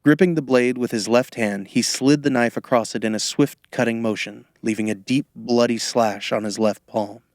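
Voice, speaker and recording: A man's voice: mid-range voice, steady tone, a little mellow, dry recording. Man narrating an audiobook, dry close sound. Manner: measured storytelling. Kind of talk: scripted narration.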